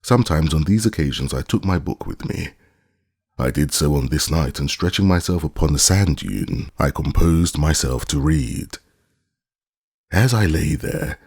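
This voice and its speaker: A man narrating a classic short story as an audiobook, in a measured, deliberate way. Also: a bass voice, gravelly, darkish tone, slightly rough, dry recording, studio quality.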